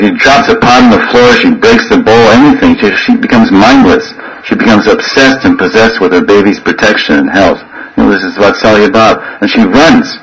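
A man in his sixties giving a sermon, telling stories with animated quoted voices and frequent laughter. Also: on the low side, moderate pace, slight background noise, low-quality recording. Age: 60s. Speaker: spiritual teacher.

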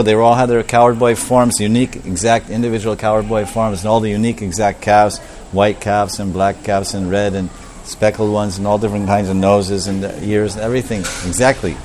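A man preaching a storytelling sermon, animated and repetitive, acting out the voices of the characters. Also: lowish voice, slight background noise.

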